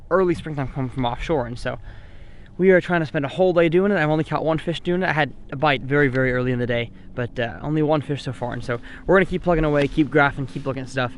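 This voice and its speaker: Chatty young-sounding fishing vlogger man. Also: fairly high pitch. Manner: chatty and excitable, thinking aloud. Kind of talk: casual vlog with fishing tips. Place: outdoors on a boat on a lake.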